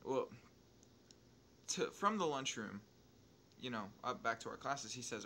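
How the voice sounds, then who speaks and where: This young guy narrates a rambling story over a game, dropping swear words almost every line and stopping to correct himself. His pitch is unremarkable, but his loudness leaps with excitement, over a quiet hum of noise.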